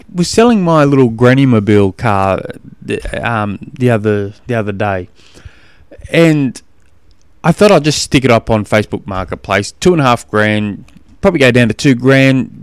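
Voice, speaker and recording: A man's voice: medium pitch, clean tone, no echo. An Australian man hosting his own podcast, talking casually and frankly in a rambling way, with frequent restarts, as he answers listener questions. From Tasmania. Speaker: podcast host and triathlon coach. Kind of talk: casual solo podcast monologue.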